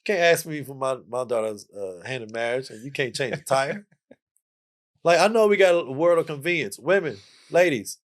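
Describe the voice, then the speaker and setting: A man's voice: mid-range voice, lively intonation, moderate pace. A man, lecturing in a playful way as a podcast guest and asking "okay?" between points. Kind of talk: casual chat.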